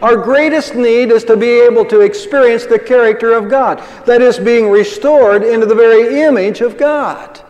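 A man's voice: extremely high pitch, normal speed, few pauses, darkish tone. An older man preaching a sermon as pastor, conversational, asking the congregation rhetorical questions. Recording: long reverb of a large hall.

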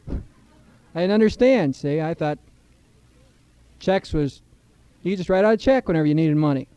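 A man's voice: fairly high pitch, lively intonation, moderate pace, long pauses, mellow, smooth, dry recording, highs cut off. A middle-aged man preaching a sermon in church, earnest, with a rising emphasis on key points. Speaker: pastor.

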